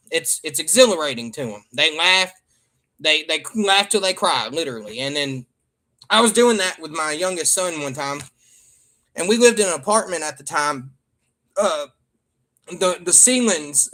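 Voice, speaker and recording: A father and streamer from Michigan chats casually to his viewers in a rambling way, joking and trailing off with ums. He has a Southern American accent, and his voice is high-pitched, bright, and forceful.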